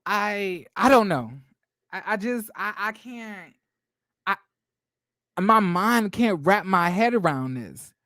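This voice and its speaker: A man hosting a celebrity gossip commentary, animated and profane, breaking into stammering restarts. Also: high-pitched, slow, long pauses, no room sound, studio quality.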